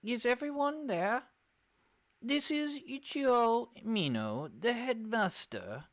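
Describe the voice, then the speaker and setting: A man's voice: very high-pitched, expressive, slow pace, fairly bright tone, dry recording, pitched above the performer's own voice, exaggerated voice. A man voicing a pompous older bird headmaster making formal announcements in a game.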